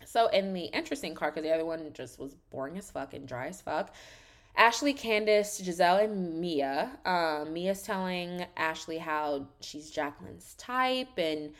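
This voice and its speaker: A woman hosting a podcast, recapping a reality show in casual chat, sassy and animated, swearing freely and saying "like" constantly. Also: lowish voice, measured pace.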